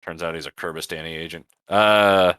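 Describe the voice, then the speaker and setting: A man's voice: low-pitched, steady tone, fairly bright tone, smooth, no room sound, studio quality. A man chatting casually and joking while playing a space game with friends. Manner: joking, quick to laugh. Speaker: gaming commentator. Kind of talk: casual gaming chat.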